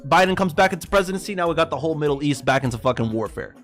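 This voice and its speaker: A livestream host who trades forex goes on a casual, heated, profanity-laced political rant, addressing viewers as boys. His voice sits on the high side, animated and racing, fairly bright, with faint music behind.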